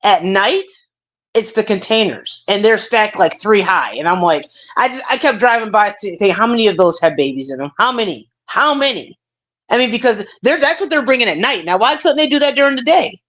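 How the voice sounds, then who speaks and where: A woman hosting a casual talk stream, telling stories in a lively way with plenty of fillers. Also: medium pitch, a little fast. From United States. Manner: animated storytelling with many fillers. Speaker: stream host. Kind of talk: casual chat.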